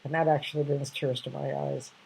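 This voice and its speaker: A woman's voice: rumbling low, flat delivery, fairly quick, gravelly, warm tone, slightly rough, poor audio. An older woman casually sharing reflective anecdotes, rambling with many restarts and fillers.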